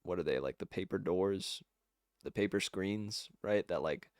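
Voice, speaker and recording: A man's voice: sits low, a little slow, no room sound, clean studio sound. A man narrating a tabletop game as game master, rambling and correcting himself with many fillers.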